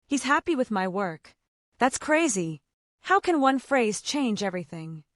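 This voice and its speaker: Woman narrator for a graded reader: higher voice, lively pitch, simple clear sentences, dry booth sound. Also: dry recording. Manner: simple short sentences, slow clear delivery. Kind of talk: scripted first-person story narration for English learners.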